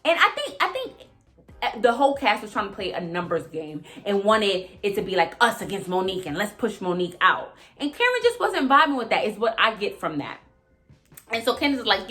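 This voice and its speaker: A young woman vlogger in a casual, animated rant, swearing freely and jumping between topics, often mimicking other people. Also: medium pitch, a little fast, soft background music. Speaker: vlogger recapping reality TV. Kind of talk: casual chat.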